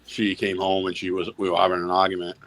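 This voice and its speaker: A man's voice: sits low, completely flat delivery, quick pace, a bit bright, a little hiss or hum. A man telling rambling, profane stories in a casual backstage chat.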